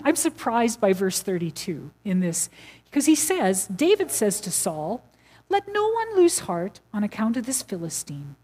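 Animated woman preaching a story. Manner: conversational storytelling, acting out quotes with animated pitch jumps. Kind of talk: sermon.

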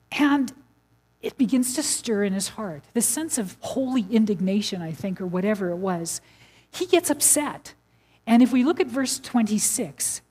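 A middle-aged woman preaching a sermon in a conversational storytelling way, acting out quoted lines with lively jumps in her voice. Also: a little high.

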